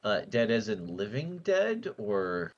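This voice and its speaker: A man's voice: on the low side, sing-song, slow, muffled recording, slight background noise. A man player in a tabletop game, easygoing and a little hesitant. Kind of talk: casual tabletop play.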